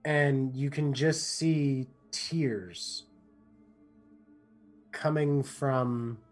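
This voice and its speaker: Slow, unhurried male game master narrating. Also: medium pitch. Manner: slow, descriptive narration with frequent restarts and softening fillers.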